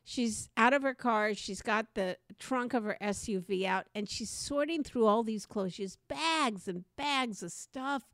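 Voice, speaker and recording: Lady podcast cohost, kinda high voice, super animated storytelling, dry close mic. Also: measured pace, few pauses, dry recording. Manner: animated, acts out quoted voices. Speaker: podcast co-host. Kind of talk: conversational storytelling.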